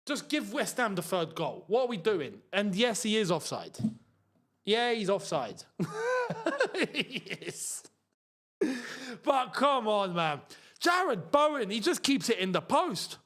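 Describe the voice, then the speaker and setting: A young man hosting a live football watchalong, reacting to the match with chatty asides and excited outbursts. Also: high voice, slow pace. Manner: excitable, shouts and laughs at chances, chatty asides.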